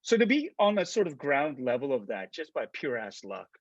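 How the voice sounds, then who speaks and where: A man's voice: mid-range voice, moderate pace, dry recording, lo-fi sound. A middle-aged man from Canada, a guest on a video call interview, telling stories with stammering restarts and acted-out dialogue. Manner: animated, stammering restarts, acts out quoted dialogue. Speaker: actor and guest. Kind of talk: casual interview storytelling.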